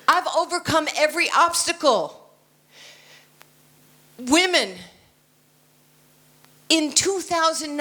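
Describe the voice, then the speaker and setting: A woman's voice: high voice, bright, forceful tone. An American woman in her sixties giving a motivational talk at a conference, blunt and confident with joking asides. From United States. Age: 60s. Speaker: keynote speaker. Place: conference stage, indoors.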